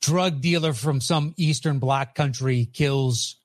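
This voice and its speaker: A man's voice: mid-range voice, slow pace, no echo, studio quality. A man co-hosting a casual movie chat, recapping plots in a rambling way with filler words. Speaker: podcast co-host.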